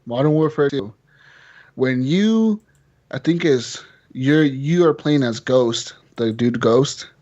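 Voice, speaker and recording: A man hosting a casual gaming podcast, loose and profane. He laughs between lines and tells game stories with animated energy. The recording is a little dull and lo-fi. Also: mid-range voice. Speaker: podcast host. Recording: slightly dull lo-fi audio.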